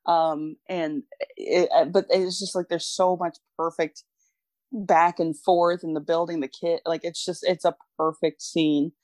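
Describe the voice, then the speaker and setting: Lively low-voiced woman chatting about films. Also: measured pace, no room sound. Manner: enthusiastic, animated, laughs often. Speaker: podcast co-host. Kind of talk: casual film discussion.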